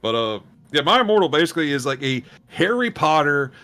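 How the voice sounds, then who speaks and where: A man's voice: fairly high pitch, big pitch swings, fairly quick, pushed and bright. A man co-hosting a podcast, chatting casually in a rambling, self-mocking way. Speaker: podcast co-host. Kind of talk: casual chat.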